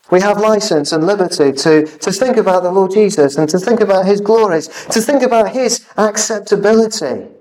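Earnest male preacher, high-pitched, halting delivery, miked from a distance. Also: darkish tone. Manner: earnest, halting with repeated fillers. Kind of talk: sermon.

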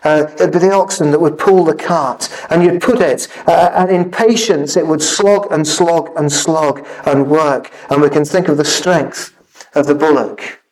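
A man preaching a sermon in an earnest way, often halting with repeated fillers. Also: a little high, fairly even intonation, a little mellow, distant mic, low-quality recording.

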